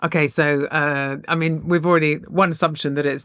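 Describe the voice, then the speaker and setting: A woman's voice: low-pitched, steady tone, fairly quick, fairly bright tone, clear, resonant tone, no echo, studio quality. A woman co-hosting a podcast in casual chat, a chatty storyteller who often laughs mid-sentence. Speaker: podcast co-host.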